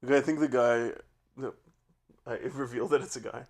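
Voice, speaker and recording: A man's voice: mid-range voice, fairly even intonation, fairly quick, creaky, darkish tone. A man co-hosting a casual podcast, playing a movie trivia game in a playful, joking way. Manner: playful, joking, laughs while talking. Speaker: podcast co-host. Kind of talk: casual chat, trivia player.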